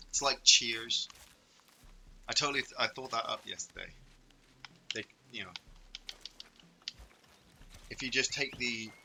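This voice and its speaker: A man's voice: mid-range voice, bright, forceful tone. Rambling man chatting over gameplay, noisy. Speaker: host. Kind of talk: casual gameplay commentary.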